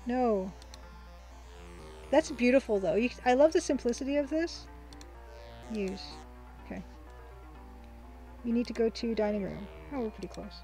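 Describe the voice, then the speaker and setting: A woman with a fairly high but mellow voice gives casual gameplay commentary, reading on-screen text aloud and laughing often. Soft game music plays faintly underneath. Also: expressive, unhurried, pauses often, rough recording. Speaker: let's play host.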